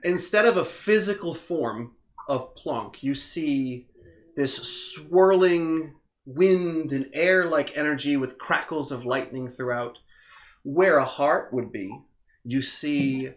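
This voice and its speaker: Using a mid-range voice, a man runs a tabletop game as game master, describing scenes in a relaxed way sprinkled with fillers.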